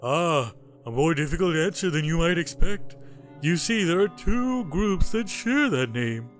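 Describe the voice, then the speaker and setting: A man voices a courteous old male historian who rambles in a slow, formal way, with faint game music in the background. His voice is on the high side, with lively intonation.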